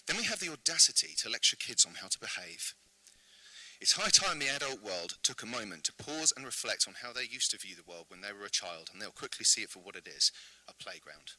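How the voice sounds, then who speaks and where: An earnest man from the UK delivers a prepared presentation with rhetorical questions. His voice is very bright and crisp. The sound is dry and close. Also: lowish voice, expressive, fairly quick, dry recording, rough recording. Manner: earnest, rhetorical, clears throat often. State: slightly out of breath. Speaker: invited speaker. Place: event venue.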